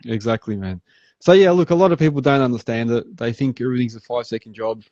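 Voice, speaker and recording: A laid-back Australian man hosting a casual podcast chat, tossing in "man" and playing out customers' lines. His voice sits mellow and dark, and the recording is dry and a little muffled. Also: mid-range voice, fast talker, no echo. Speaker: podcast host.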